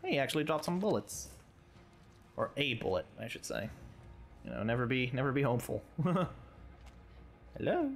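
A man's voice: medium pitch, big pitch swings, moderate pace, gravelly, pauses often. Swearing man narrating gameplay. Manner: swearing, exasperated, talks to enemies. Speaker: let's play gamer. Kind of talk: casual gameplay commentary.

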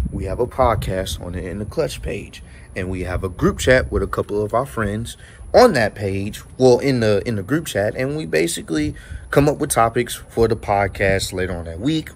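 A man's voice: on the low side, animated, moderate pace, slight background noise. A man hosting his own vlog, talking casually and with exasperation, swearing freely. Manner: exasperated, profane, conversational. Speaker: vlog host. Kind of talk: casual rant to camera.

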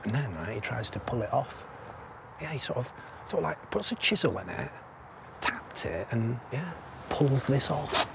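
A man's voice: medium pitch, animated, normal speed, creaky, background noise. An actor playing a blunt, middle-aged army veteran who swears constantly and rambles through grim stories, asking "right?" as he goes. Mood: grim storytelling. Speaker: soldier telling a war story. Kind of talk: film drama acting.

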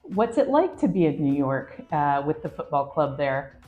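A woman's voice: deep voice, big pitch swings, normal speed, narrow, tinny audio, faint music behind. A woman diplomat interviewing a guest in an upbeat, welcoming way. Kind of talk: scripted friendly interview.

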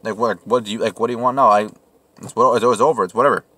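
A man's voice: mid-range voice, fairly even intonation, fast, bright, forceful tone, dry recording, poor audio. A man voicing an old father who has run out of patience, in a casual retelling. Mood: exasperated.

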